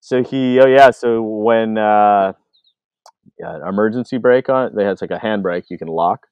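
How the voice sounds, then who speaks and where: Canadian guy, deep voice, rambling storyteller, dry dull sound. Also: a little slow, clean tone, dry recording. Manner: animated, acts out quoted voices, many fillers. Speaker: filmmaker guest. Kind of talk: casual storytelling.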